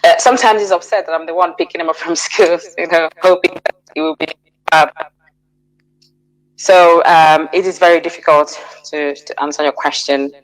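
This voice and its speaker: A middle-aged woman as a radio interview guest, giving a measured, hesitant personal account with frequent restarts and fillers. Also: sits low, fairly even intonation, low-quality recording.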